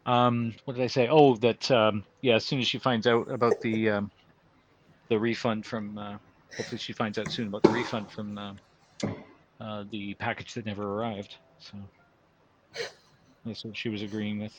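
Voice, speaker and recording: A man's voice: on the low side, little pitch movement, moderate pace, highs cut off, a little hiss or hum. A man hosting a livestream, chatting casually and chuckling as he builds a prop. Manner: easygoing, chuckling, many fillers. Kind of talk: casual chat while working.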